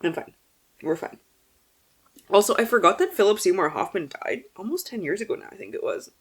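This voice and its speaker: A young woman chatting casually about books she has read, animated and swearing freely, dropping to a mumble and then bursting into loud exclaims. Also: medium pitch, brisk, breathy edge. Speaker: book vlogger. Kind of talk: casual book wrap-up chat.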